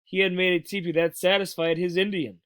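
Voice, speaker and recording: Guy reading a kids' book out loud, pretty high voice, dry close mic, steady plain reading. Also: brisk, smooth, dry recording. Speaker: reader. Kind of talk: storybook read-aloud.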